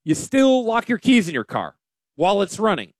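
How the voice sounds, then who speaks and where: A man hosting a financial radio show, talking in a folksy, self-deprecating, animated way. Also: high-pitched, normal speed, no room sound, studio quality. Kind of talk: casual radio talk.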